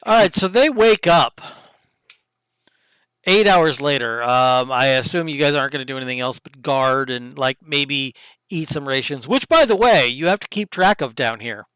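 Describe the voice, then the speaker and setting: A man's voice: medium pitch, animated, moderate pace, fairly bright tone, smooth, dry recording, rough recording. A man acting as game master of an online tabletop game, laid-back and chatty, on a desk mic.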